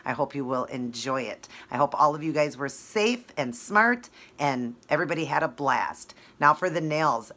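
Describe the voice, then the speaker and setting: A woman's voice: deep voice, fairly bright tone. A woman talking casually through a nail art tutorial, friendly and explaining each step.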